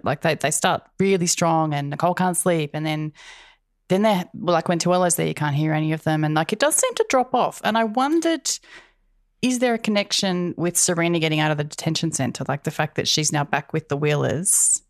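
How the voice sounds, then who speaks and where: A woman's voice: on the low side, lively intonation, a little fast, no room sound, clean studio sound. A woman co-hosting a podcast, recapping a TV episode in a chatty, wry way and laughing often. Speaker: podcast co-host. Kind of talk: casual TV recap chat.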